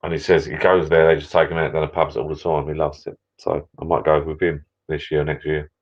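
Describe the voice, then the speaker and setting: A middle-aged man with a deep, low voice rambles to his live-stream viewers from a small backyard shed bar, tired and a few beers in, with the odd mild swear. The audio is dull and lo-fi, as if picked up by a laptop mic. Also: level tone, brisk. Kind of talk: casual live-stream chat.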